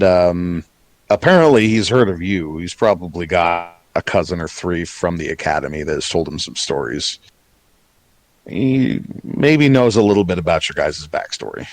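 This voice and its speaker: Male game master, lowish voice, slow and lively, for a tabletop game on a dry close mic. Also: dry recording.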